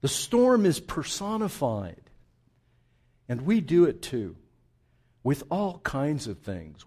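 Dynamic, slightly high-voiced male preacher. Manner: dynamic, swinging from hushed asides to loud emphatic build-ups; repeats words for emphasis. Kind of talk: sermon.

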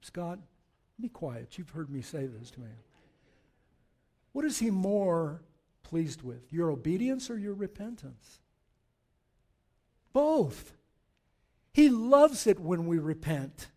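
Male pastor, higher-pitched voice, animated sermon delivery with scripture reading. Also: slow pace, long pauses. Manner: animated preaching, reading scripture aloud, rising to forceful exhortation.

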